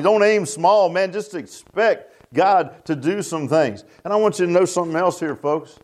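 Preaching revival with fervor, an older male pastor speaks at a fairly high pitch. He repeats himself in a folksy way and keeps throwing "huh?" to the congregation.

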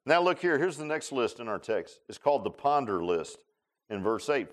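A pastor with a mid-range voice speaks at a moderate pace in a church sanctuary. His sermon is folksy and animated; he laughs, jokes with the congregation, and calls on people by name.

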